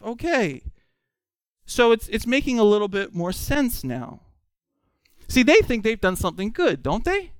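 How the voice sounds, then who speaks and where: Male preacher, expository sermon; conversational and animated, with a smooth, crisp tone. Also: high-pitched, moderate pace, dry recording. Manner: animated, conversational, full of rhetorical questions.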